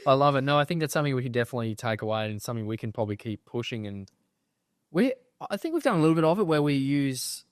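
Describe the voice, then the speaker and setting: A man's voice: mid-range voice, very animated, quick pace, dry recording. A young man co-hosts a casual podcast from a home studio, with a mid-range voice. He sounds easygoing and agreeable and tends to joke. The recording is close and dry. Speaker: podcast co-host.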